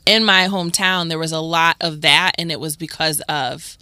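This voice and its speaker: A woman's voice: low voice, moderate pace, sharp tone, clear, resonant tone, dry recording. A woman co-hosting a radio morning show, chatting casually and pushing back on the others. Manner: chatty, pushes back, trails off. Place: radio studio. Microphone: studio microphone.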